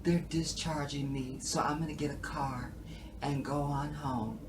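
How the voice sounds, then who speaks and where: A man's voice: medium pitch, fairly even intonation, unhurried, background noise, lightly acted. A man playing a woman leaving a phone message. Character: woman phoning from hospital.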